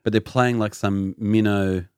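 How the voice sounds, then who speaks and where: Male podcast host, low voice, playful quizmaster energy. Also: fairly even intonation, a little slow, darkish tone, clean tone, dry recording, clean studio sound. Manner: playful, quizzing his co-hosts. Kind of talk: casual chat.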